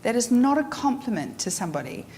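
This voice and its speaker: A woman teaching a live photography workshop, frank and animated, acting out her clients. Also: fairly high pitch, fast talker. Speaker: photography instructor. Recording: echoey room with faint noise.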